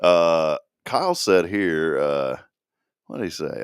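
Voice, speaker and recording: A middle-aged man co-hosting a morning show, telling stories in a lively way and laughing often. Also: sits low, slow, clear, resonant tone, no echo, clean studio sound. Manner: animated storyteller, laughs often. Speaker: radio show co-host. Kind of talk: casual chat.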